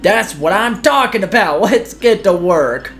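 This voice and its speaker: A woman voicing a gruff, pushy older male mushroom foreman from a video game, with a folksy drawl and a put-on accent, reading the game's lines aloud. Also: mid-range voice, lively intonation, a little slow, faint music behind, pitched above the performer's own voice. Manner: folksy drawl, clipped slangy grammar; put-on accent she calls terrible.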